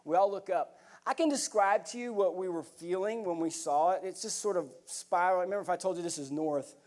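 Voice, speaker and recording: A middle-aged American man giving a speech, telling a vivid, animated story from the stage to a live audience. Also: high-pitched, a little fast. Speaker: keynote speaker.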